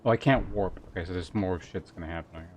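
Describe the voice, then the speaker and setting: A man's voice: deep voice, quick pace, darkish tone, a little hiss or hum. A young male streamer giving casual, filler-heavy commentary and muttering to himself as he plays.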